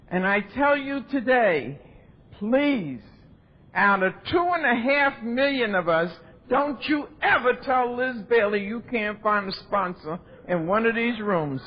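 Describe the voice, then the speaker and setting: An older woman speaking at a recovery convention, telling her story with animation and acting out the voices of others, on a dull old tape. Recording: dull lo-fi tape with faint rumble.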